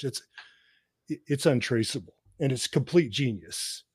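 A man's voice: mid-range voice, lively intonation, measured pace, a little mellow, husky, no echo, studio quality. A man who teaches cinema, chatting on a podcast and telling film history like a lecturer, laughing between his points. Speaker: podcast co-host; cinema professor. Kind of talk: casual chat.

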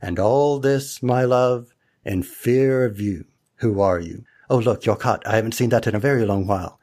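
A man's voice: lowish voice, normal speed, a little mellow, close to an everyday voice. A man reciting River Song's confrontation with the Doctor from memory, in close to his own voice. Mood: accusing. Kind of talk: recited dramatic monologue.

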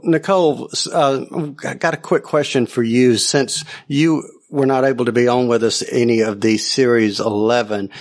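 Upbeat man hosting a podcast. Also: mid-range voice. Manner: friendly, upbeat, enthusiastic. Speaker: podcast host. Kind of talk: casual podcast chat.

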